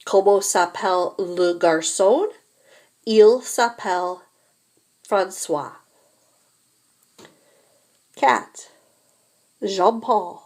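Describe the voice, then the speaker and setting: Slow, careful woman French teacher. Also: mid-range voice, darkish tone. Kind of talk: classroom language lesson.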